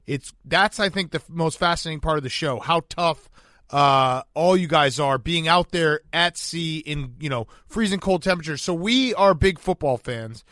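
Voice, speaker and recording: Male podcast host, conversational and loose, slightly high voice, dry close recording. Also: normal speed, a bit bright, no room sound. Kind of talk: casual interview questions.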